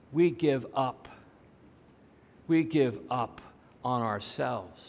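A pastor preaching an Easter sermon, telling stories and asking rhetorical questions. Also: male voice, mid-range voice. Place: church sanctuary. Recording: long reverb of a church hall.

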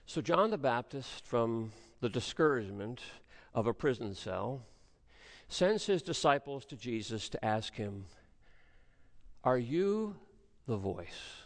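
A man preaching a sermon as pastor, with measured delivery and dramatic pauses. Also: mid-range voice, expressive, big-room sound.

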